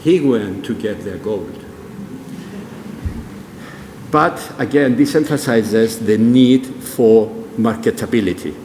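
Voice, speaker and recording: A man's voice: fairly low pitch, takes it slowly, pauses often, a little mellow, slight background noise. An older man giving a public presentation, telling stories and putting questions to the audience. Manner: storytelling, quizzes the audience. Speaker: speaker at a public event. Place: large museum hall. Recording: long hall reverb, faint room ambience.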